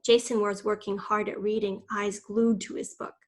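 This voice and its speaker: A woman reading a children's novel aloud, expressive, voicing the characters' lines. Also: medium pitch, moderate pace. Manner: expressive, voices quoted lines. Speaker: reader.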